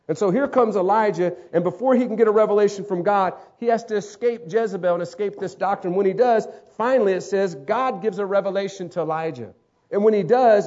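A man preaching a sermon, dramatic, acting out voices and swinging between loud calls and hushed lines. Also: sits high. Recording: dull lo-fi sound.

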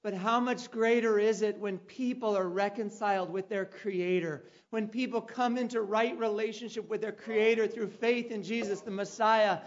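A man preaching a sermon, telling a personal story with dramatic turns and loud calls. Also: high voice, fairly even intonation, moderate pace, few pauses, dull audio. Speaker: pastor.

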